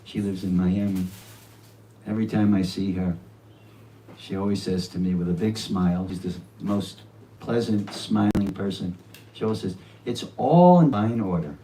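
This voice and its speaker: A man's voice: low-pitched, level tone, moderate pace, pauses often, far from the mic, slight background noise, poor audio. Older man giving a devotional talk. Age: 70s. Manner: earnest, with warm laughter and quoted asides. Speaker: speaker at a devotional home program.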